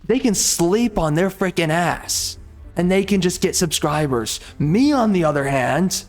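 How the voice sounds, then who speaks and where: A man's voice: high voice, lively intonation, unhurried, soft background music. A man ranting angrily and repeating himself while commenting over gameplay in a video. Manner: angry, repetitive, exasperated ranting. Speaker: gaming video creator.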